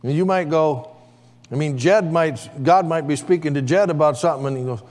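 Speaking fairly quickly in a slightly high, slightly mellow voice, a man preaches as pastor in a church sanctuary. He calls out for amens and the congregation responds, all under a long church hall reverb.

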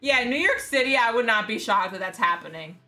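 A woman's voice: on the high side, expressive, fairly quick, bright, forceful tone, soft background music. A young woman chatting casually, teasing her partner. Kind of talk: casual chat.

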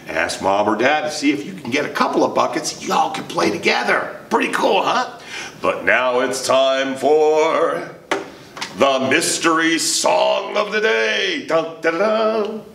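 A man's voice: a little high, very animated, a little slow, vocal fry, fairly bright tone, a little hiss or hum. A man leading a children's music lesson, telling a playful story and calling out to the kids. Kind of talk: sing-along lesson for kids. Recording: roomy, distant mic with guitar.

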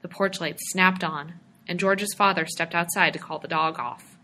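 Female storybook narrator, measured and expressive, bright and lowish. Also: slight background noise. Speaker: reader.

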